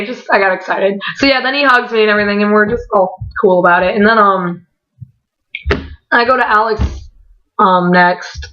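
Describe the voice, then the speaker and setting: An excitable young woman chatting to her viewers. She giggles often, fills her talk with "like" and drops casual swears. Her mid-pitched voice comes through a dull, lo-fi home recording. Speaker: vlogger. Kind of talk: casual storytelling vlog.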